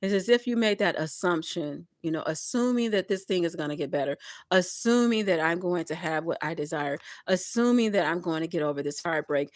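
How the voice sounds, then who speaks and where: A woman's voice: lowish voice, lively intonation, brisk, dry recording, studio quality. A woman giving a collective tarot reading, talking straight to her viewers in a repetitive, encouraging way. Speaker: tarot reader. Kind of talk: collective tarot reading, spiritual pep talk.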